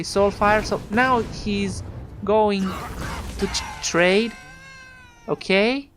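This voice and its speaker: Slow, chatty Italian-accented game commentator. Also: mid-range voice. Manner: chatty, talks back to the opponent with rhetorical questions. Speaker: card game player commenting on his own match. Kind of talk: casual gameplay commentary.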